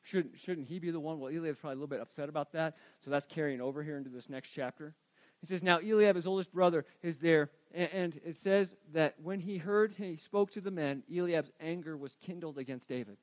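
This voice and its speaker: A man with a high, light speaking voice delivers a sermon, retelling a scripture story in a casual, animated way as if chatting with his congregation. The sound is close and dry, with no room echo. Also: fairly quick. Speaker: pastor.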